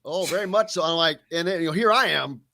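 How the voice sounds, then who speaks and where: A man with a Southern Indiana accent hosts sports radio from a studio. His voice sits a bit high, and he talks in an animated, excitable way. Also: fast talker, vocal fry. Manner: animated, excitable, hums jingles. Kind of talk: casual sports radio chat.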